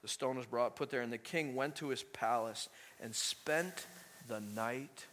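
A man preaching a sermon in an animated, conversational way, full of rhetorical questions to the congregation. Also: mid-range voice, a little slow, slight background noise.

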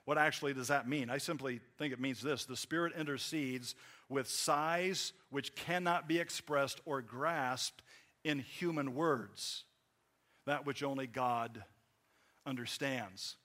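A man preaching a sermon in a conversational way, acting out little quotes and swinging between loud emphasis and quiet asides. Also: medium pitch, measured pace. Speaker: pastor.

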